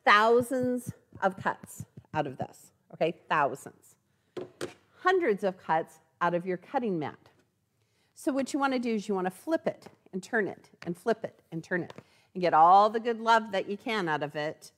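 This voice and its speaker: Animated chatty woman demonstrating. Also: medium pitch, moderate pace. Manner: chatty, animated, tags lines with "okay?". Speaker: product demonstrator. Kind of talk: live sewing store demo.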